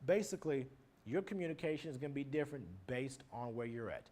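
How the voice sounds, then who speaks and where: A man's voice: medium pitch, animated, quick pace, dark tone. A married man teaching a class, explaining terms one by one with everyday examples in a plain lecture manner. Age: adult, married. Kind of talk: recorded lecture on nonverbal communication.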